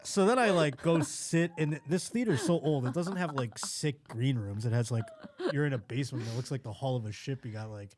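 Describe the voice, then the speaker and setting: A man's voice: mid-range voice, fairly quick, a little mellow, slight background noise. A comedian from Buffalo, New York, telling a story as a podcast guest, acting out scenes in quoted voices and laughing as he goes.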